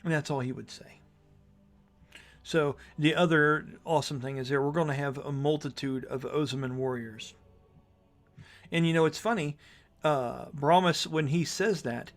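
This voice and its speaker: A man's voice: a little high, moderate pace, soft background music. A man narrating as game master in a tabletop game, casual, thinking aloud with fillers.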